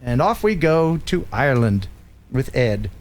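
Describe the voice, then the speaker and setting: A middle-aged man hosting a live stream, telling stories in a joking, animated way. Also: medium pitch, a little slow. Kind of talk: casual live-stream chat.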